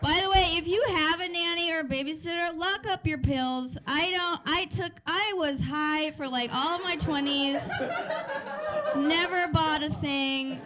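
A woman's voice: sits high, unhurried, a crowd in the background. A woman in her thirties doing a stand-up comedy set in a club, chatty and sardonic, laughing through her lines. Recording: noisy live club recording.

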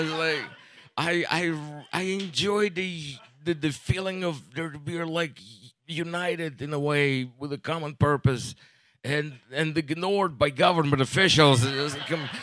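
A man in his forties doing a stand-up comedy set, rambling and deadpan, with halting restarts and profanity. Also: on the high side. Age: 40s.

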